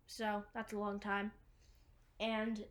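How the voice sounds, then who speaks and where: A woman's voice: mid-range voice, monotone, slow. A woman casually retelling a movie's plot, rambling with lots of fillers and restarts. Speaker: movie recapper.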